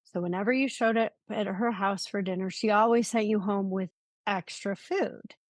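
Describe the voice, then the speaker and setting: A woman's voice: mid-range voice, fairly even intonation, moderate pace, no room sound. Earnest woman sharing an example. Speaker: podcast co-host. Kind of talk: casual conversation.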